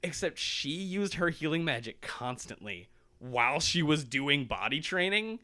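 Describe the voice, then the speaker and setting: A man co-hosting a podcast, retelling a manga in lively casual chat, acting out characters and swearing freely. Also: fairly high pitch, unhurried. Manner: animated storytelling, acts out characters, swears. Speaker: podcast co-host.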